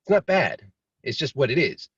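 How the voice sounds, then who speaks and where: A man's voice: mid-range voice, big pitch swings, moderate pace, breathy edge, no room sound. A man teaching in a casual, rambling way, now and then acting out inner voices. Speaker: meditation teacher. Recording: dry, slightly muffled video call audio.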